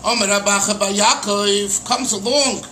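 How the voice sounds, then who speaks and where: A middle-aged rabbi teaching a text in a relaxed, conversational way, acting out the questions as he explains. His voice sits very high and sounds piercingly bright. A faint hiss of noise runs underneath. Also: normal speed, low-quality recording. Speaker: rabbi teaching Chassidic texts. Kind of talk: casual Torah lesson.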